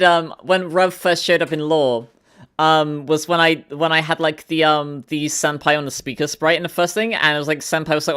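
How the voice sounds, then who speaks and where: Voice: medium pitch, fairly even intonation, moderate pace, fairly bright tone, clean tone. A streamer chatting casually with viewers, rambling with lots of filler words. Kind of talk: casual live-stream chat.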